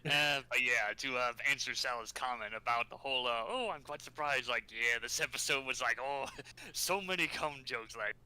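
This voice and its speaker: A man's voice: medium pitch, moderate pace, bright, forceful tone, clean tone, poor audio. A man co-hosting a podcast, chatting casually and giggling, rambling with many fillers about his editing plans. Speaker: podcast co-host and video editor. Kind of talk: casual chat.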